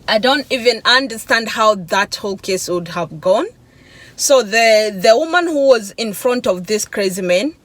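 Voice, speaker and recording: A woman vlogger telling an emotional personal testimony, halting and searching for words, with sighs and restarts. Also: mid-range voice, a bit bright, no room sound, low-quality recording. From Africa.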